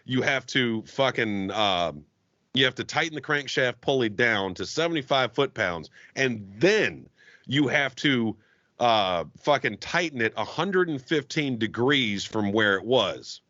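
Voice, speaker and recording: A man rants through a shop story in casual podcast chat, swearing freely. His voice is bright and forceful. The audio is dull and dry, with no room sound. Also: mid-range voice, a little slow, no room sound. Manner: heavily profane, animated ranting. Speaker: podcast guest, auto technician.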